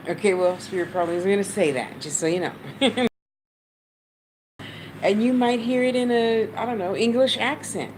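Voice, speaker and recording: A blunt American woman talks viewers through listening to spirit in a casual, profane way. Her voice sits a little low, and a running fan and passing traffic hum clearly behind her. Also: moderate pace. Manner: blunt, swears freely, talks straight to the viewer. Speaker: spiritual channel host.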